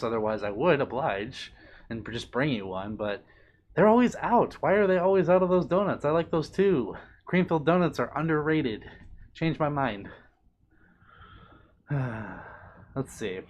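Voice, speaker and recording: A playful man talks casually on a live stream and reads chat messages aloud. His voice is doting and bubbly, with sudden high swoops on greetings and names. It is relaxed, easygoing streamer chatter, close to a desk microphone. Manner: playful, doting, bubbly, with big pitch swings. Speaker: livestreamer reading chat.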